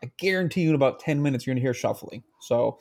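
Talking quickly with vocal fry, a man with a medium-pitched, darkish voice co-hosts a podcast on a handheld mic. He laughs often, swears freely and trades crude banter in casual chat.

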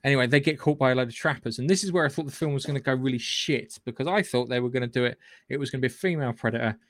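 A man's voice: medium pitch, racing, no echo. Guy rambling through a movie recap, cursing a lot, dry close sound, mid voice. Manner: rambling retelling, frequent swearing and restarts. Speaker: podcast host. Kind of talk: casual film recap chat.

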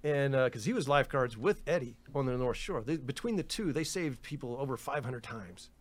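A man's voice: mid-range voice, brisk. A man in a casual podcast chat, telling a story with laughs, swearing and lots of "you know" and "dude". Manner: animated, laughing, acts out others' lines in raised voices. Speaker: guest storyteller.

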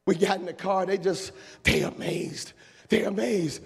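Male preacher, gravelly voice, big reverberant hall. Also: high voice, a little slow. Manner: animated, shouting and laughing while acting out a story. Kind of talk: storytelling sermon. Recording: long echo of a large hall.

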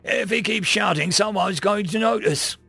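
A man voicing a coarse young male mugger who talks in a rough, threatening way. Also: high voice, normal speed, bright, forceful tone, soft background music, voice pushed up, full character voice. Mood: menacing.

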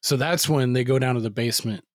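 A man's voice: medium pitch, quick pace, no echo. A man co-hosting a casual movie-review podcast, recapping a plot in a rambling, profane way and acting out quotes. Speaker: podcast co-host.

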